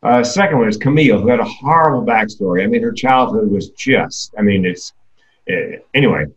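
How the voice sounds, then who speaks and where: A man's voice: fairly low pitch, animated, brisk, dull audio. A man in his sixties giving a comedic keynote talk, candid and darkly self-deprecating.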